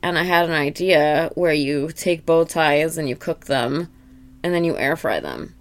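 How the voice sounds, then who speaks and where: Low-voiced woman podcast co-host. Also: lively intonation, unhurried. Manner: chatty, acts out characters' lines in funny voices. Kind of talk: casual chat recapping a cartoon episode.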